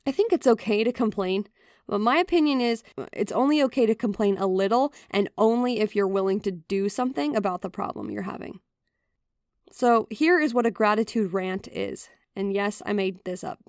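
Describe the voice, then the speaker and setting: Earnest woman podcaster with gravelly edge. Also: mid-range voice, brisk, darkish tone, no echo, clean studio sound. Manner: earnest, encouraging, direct. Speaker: podcast host. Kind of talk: motivational podcast talk.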